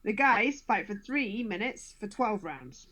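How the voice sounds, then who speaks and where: A woman's voice: mid-range voice, sing-song, a little slow, bright, forceful tone. A woman in her thirties from Scotland who speaks with a standard British accent, chatting casually as a podcast guest and laughing often. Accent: southern English, standard British. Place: home, during lockdown.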